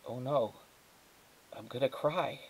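A male teacher voicing an earnest, excitable girl in a storybook read-aloud, blurting out her thoughts. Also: mid-range voice, slow, slight background noise, voice pushed up, poor audio. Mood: moved.

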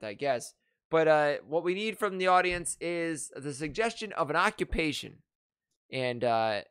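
Man host, a bit high-pitched, rambling and loose, video call mic. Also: a bit bright, smooth. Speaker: improv show host. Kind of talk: casual improv show hosting. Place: home room on a video call.

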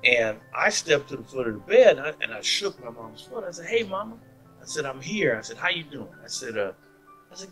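A man's voice: mid-range voice, a bit bright, low-quality recording. A man giving a personal faith testimony as a story, acting out the people he quotes. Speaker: testimony speaker.

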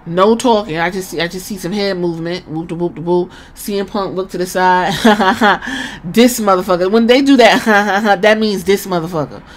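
A woman in a mid-range voice tells a story in a loose, casual way, full of profanity. She is animated and acts out each person she describes. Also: mid-range voice, moderate pace. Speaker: podcast host.

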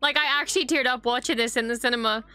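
A woman's voice: fairly high pitch, fast talker, smooth. Gushing young woman reacting to a show. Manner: expressive, swears casually, gushing. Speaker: reaction video host. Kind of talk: casual reaction commentary.

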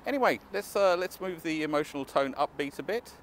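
A man's voice: a little high, lively intonation, brisk. Chatty man vlogging on a city street. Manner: chatty and enthusiastic, with wry asides. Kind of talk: casual walking vlog to camera. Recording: faint street noise outdoors.

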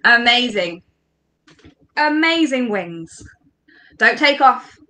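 A woman's voice: a little high, lively intonation, takes it slowly, bright, forceful tone. A woman leading an online storytelling workshop for children, upbeat and encouraging as she speaks straight to the kids watching. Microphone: online livestream.

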